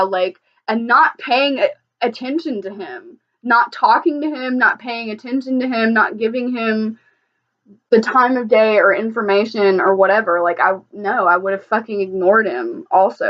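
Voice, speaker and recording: A woman talks straight to camera, heated and blunt, swearing freely and circling back on her words. Her voice sits in a middle register, and the recording sounds a little dull and lo-fi. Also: medium pitch. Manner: blunt, heated and profane, with frequent restarts. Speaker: vlogger reacting to a video. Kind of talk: casual reaction commentary.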